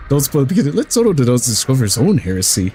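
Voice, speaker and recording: A man streaming a video game in casual chat, excitable, swearing freely and laughing often while he yells at the game. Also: mid-range voice, slight background noise.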